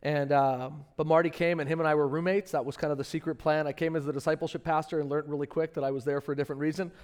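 A middle-aged man preaches to his congregation in a fairly high voice. He tells stories conversationally, with his pitch and volume jumping up when he gets animated. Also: fast talker. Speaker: pastor. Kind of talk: sermon.

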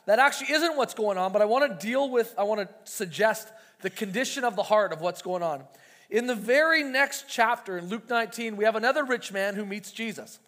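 High-voiced preacher man in a reverberant hall. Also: a bit bright. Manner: conversational, acts out quoted voices. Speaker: pastor. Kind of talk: sermon.

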